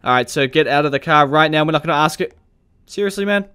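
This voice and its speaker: A man with a bright, somewhat high voice narrates a police roleplay game as he plays. He chats and jokes along the way, laughs easily, and switches to barking orders at suspects. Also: quick pace, clean tone. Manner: chatty and joking, laughs often, barks commands at suspects. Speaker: gaming video creator. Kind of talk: gameplay commentary during police roleplay.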